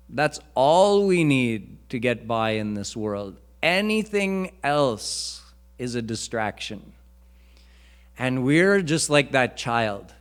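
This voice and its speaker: Slow, earnest male preacher. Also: fairly high pitch, clear, resonant tone. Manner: slow, earnest teaching with chanted Sanskrit verses. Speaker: swami preacher. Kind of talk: devotional lecture. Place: temple hall.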